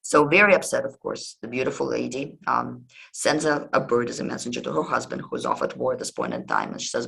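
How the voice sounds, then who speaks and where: Gravelly, husky man hosting a podcast. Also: medium pitch, a little fast, hardly any pauses, sharp tone, rough recording. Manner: hesitant, many ums and restarts. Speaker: history podcast host. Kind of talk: casual podcast lecture retelling myths.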